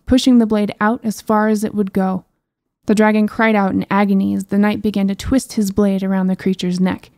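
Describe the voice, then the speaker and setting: A woman narrates a fantasy audiobook in a warm, mellow voice. Her delivery is even and storybook-like, with dry, wry asides. The sound is close and dry. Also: mid-range voice, dry recording. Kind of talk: scripted narration.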